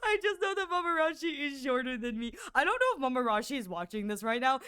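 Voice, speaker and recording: A woman's voice: high voice, sing-song, quick pace, few pauses, fairly bright tone, smooth. A young woman streamer in casual chat, giggling often and rambling between stories.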